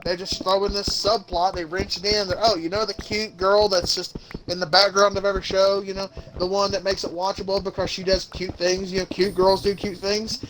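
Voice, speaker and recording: A young man co-hosting a podcast, ranting and swearing in an animated casual chat. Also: high voice, a little fast, slight background noise, rough recording. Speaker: podcast co-host.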